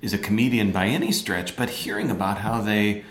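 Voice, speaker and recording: A man's voice: lowish voice, big pitch swings, a little fast, roomy sound. A man hosting a podcast interview, a lecturer who speaks hesitantly with many fillers. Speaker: podcast host, business lecturer. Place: campus room by a window.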